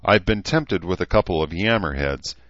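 A man's voice: sits low, animated, normal speed, fairly bright tone, no echo. Man reading as a dry, cold-humored leader. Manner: cold, wry, talkative. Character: weary middle-aged male leader, dry humored. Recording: slightly dull recording.

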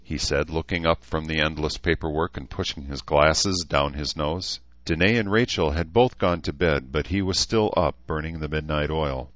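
A man giving steady, measured scripted audiobook narration. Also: a bass voice, no echo. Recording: slightly dull recording.

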